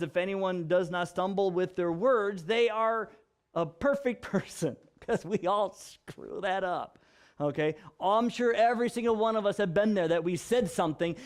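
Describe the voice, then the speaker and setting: A male pastor giving a casual Bible teaching, conversational and animated, often restarting and repeating words for emphasis. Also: high voice. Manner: animated and conversational, acts out examples; frequent restarts and emphatic repetition.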